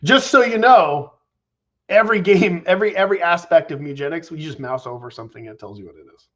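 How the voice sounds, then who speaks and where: A man's voice: on the high side, animated, fast talker, a bit bright, highs cut off. A man being interviewed as a game designer in a casual live chat, rambling with restarts and casual swearing over a video call.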